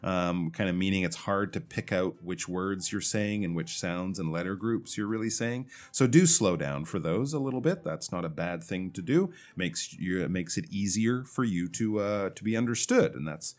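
A man teaching English pronunciation, patiently explaining feedback on listener recordings and slowly drawing out words to demonstrate them. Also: deep voice, animated.

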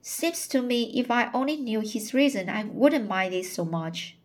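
A woman's voice: fairly high pitch, expressive, measured pace, a little mellow. A woman reading as an aggrieved forty-year-old spinster. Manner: aggrieved, pouring out complaints.

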